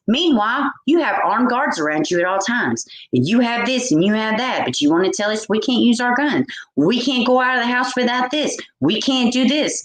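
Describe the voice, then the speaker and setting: A woman's voice: on the high side, very animated, moderate pace. Profane, ranting woman vlogger. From United States. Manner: exasperated, profane, repetitive ranting. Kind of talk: ranting commentary to camera. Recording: echoey room.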